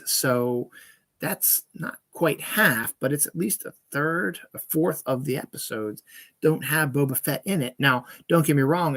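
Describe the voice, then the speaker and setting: Guy ranting on his own podcast, blunt and cussing a lot, average pitch voice. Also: a bit bright. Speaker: podcast host. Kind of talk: casual solo podcast rant.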